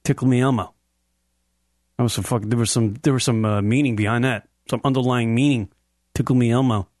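A young man of ordinary pitch, talking in brash, rambling rants full of swearing. His voice sits close and dry, with no room sound around it. He jokes loosely and crudely as a co-host. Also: steady tone, fairly quick, darkish tone, no echo. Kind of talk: casual crude comedy banter.

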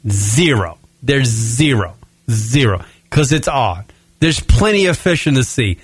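A young American man rants profanely as a radio show host, stretching out key words for blunt emphasis. His voice sits at an ordinary pitch. The recording is very dry and close. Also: big pitch swings, a little slow, breathy edge, no echo. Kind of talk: profane ranting commentary.

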